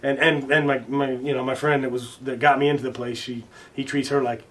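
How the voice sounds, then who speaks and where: A man being interviewed as a guest, telling stories casually, with many restarts and fillers, now and then swearing and loudly acting out what others said. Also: mid-range voice, little pitch movement, fairly quick, distant mic. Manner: swears casually and acts out quoted lines loudly. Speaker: interview guest, recording artist. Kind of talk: casual storytelling in conversation.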